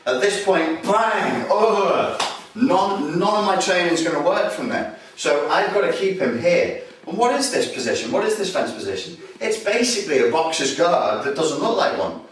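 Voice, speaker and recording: Animated instructor in an echoey hall. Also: male voice, on the high side, distant mic. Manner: animated, acts out aggressive street talk with loud bursts. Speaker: self-defense instructor. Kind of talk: demonstration lesson. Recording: roomy echo, voice from off-mic.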